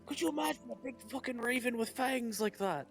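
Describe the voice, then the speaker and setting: A man playing in a tabletop game who speaks excitably and swears often. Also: very high voice, fairly quick, faint music behind. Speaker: player. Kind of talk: casual tabletop play.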